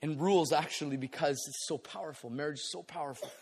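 A man preaching a sermon as a pastor, energetic, with playful asides and acted-out quotes. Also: fairly high pitch, quick pace, husky. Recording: long echo of a large hall.

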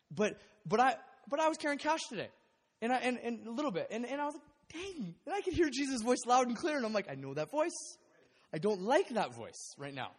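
A man preaching a sermon as pastor in a church, candid and self-deprecating, rambling with restarts and bursts of laughter. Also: very high voice. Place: church sanctuary. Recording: long hall reverb.

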